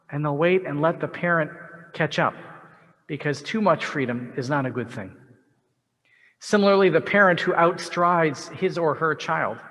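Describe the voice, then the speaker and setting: A man, a rabbi, giving a sermon with a story, in a measured, reflective way with pauses. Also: fairly high pitch, fairly bright tone. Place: synagogue sanctuary. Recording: long reverb of a large sanctuary.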